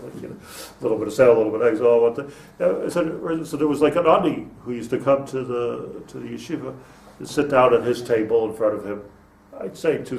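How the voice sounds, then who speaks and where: A small group listens as an older rabbi gives a relaxed, rambling class packed with stories and Hebrew terms. His medium-pitched voice has vocal fry and a slightly mellow quality. The room is echoey, the mic distant, and faint noise is audible.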